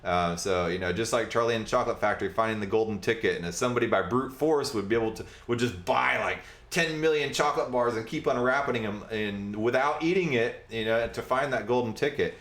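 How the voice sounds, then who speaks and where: A man's voice: mid-range voice, fairly quick, few pauses, a bit bright, roomy sound. A man hosting a casual livestream, explaining a technical topic in a rambling way with many fillers and side jokes. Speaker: podcast host.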